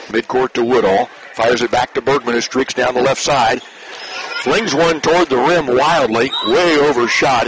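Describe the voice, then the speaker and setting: A man announcing a high school basketball game play by play, in brisk clipped calls that rise when a shot scores. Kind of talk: basketball radio commentary. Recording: noisy online radio broadcast.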